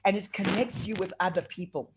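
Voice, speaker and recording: A man's voice: high voice, fairly quick, slight background noise. A man in his forties, a coach giving a virtual conference talk and acting out the dialogue in his stories. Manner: animated storytelling, acts out dialogue. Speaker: workshop speaker and coach.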